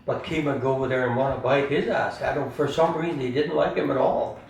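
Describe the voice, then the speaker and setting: An older man, a fast talker with a medium-pitched voice, reminisces casually as the family storyteller. He rambles, chuckles, and often tacks "eh?" onto the ends of his phrases. The recording is roomy, with a distant mic and faint room noise.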